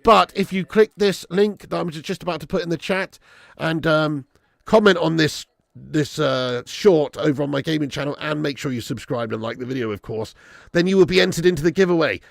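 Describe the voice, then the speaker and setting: Excitable man with a gravelly voice. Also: fairly high pitch, fairly quick, no echo, studio quality. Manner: excitable, chatty, slangy, buzzing with joy. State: voice going hoarse. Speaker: football watch-along streamer. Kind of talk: live stream chat and match reaction.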